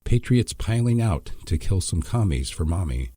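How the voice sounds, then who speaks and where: A man reading an audiobook in scripted, measured narration. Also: low-pitched, big pitch swings, mellow, slightly rough, no echo, studio quality.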